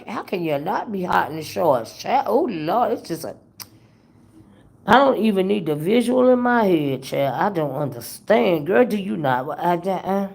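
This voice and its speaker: Gravelly-voiced woman gossiping animatedly. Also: medium pitch. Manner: animated, laughing, drawn-out exclamations. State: voice worn from illness. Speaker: livestream host reading chat. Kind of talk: casual gossip chat.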